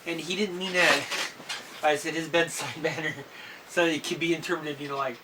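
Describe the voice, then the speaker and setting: A man in a personal video diary, talking haltingly with many fillers and clearing his throat and coughing now and then. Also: a little high, steady tone. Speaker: vlogger. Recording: slightly distant mic with faint noise.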